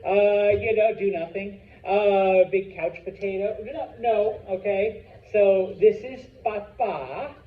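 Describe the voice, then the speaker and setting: A man's voice: high voice, level tone, slow pace, hardly any pauses. A middle-aged man teaching a Spanish class, chatty and joking, checking in with "okay?" after most points. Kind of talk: classroom lecture. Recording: tinny, echoey classroom recording with faint hiss.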